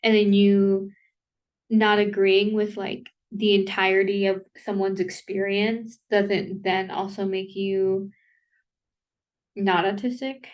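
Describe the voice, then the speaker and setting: A woman's voice: medium pitch, flat delivery. Rambling woman vlogger, a bit off-mic. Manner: rambling, self-interrupting, full of "like" and quick apologies; laughs between thoughts. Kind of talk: casual rambling rant to camera. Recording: voice somewhat distant from the mic.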